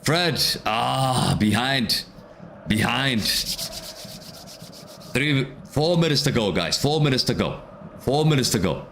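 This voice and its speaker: Man, unhurried live streamer who repeats himself to rally chat over faint background hiss. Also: mid-range voice, expressive, gravelly, a bit bright. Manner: repeats phrases, urges chat, erupts when a goal goes in. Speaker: watchalong streamer. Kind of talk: live match commentary to chat.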